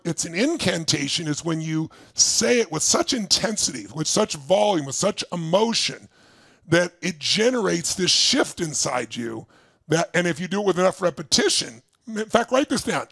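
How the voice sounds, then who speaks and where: A man with a raspy, gravelly voice that sits a bit high for a man speaks as a motivational speaker. He tells his life story in a storyteller's way and pushes hard to fire up the crowd. The sound is dry and close, with no room echo. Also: animated, normal speed. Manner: shouts to rouse the crowd, then storytelling. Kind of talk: motivational talk to a live audience.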